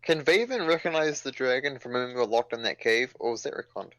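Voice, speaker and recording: A player at a tabletop game who jokes and gets excitable in casual chat. The voice jumps around a lot in pitch, from a middle base. The overall tone stays loose and chatty. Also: fairly quick, no room sound, muffled recording. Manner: joking, excitable.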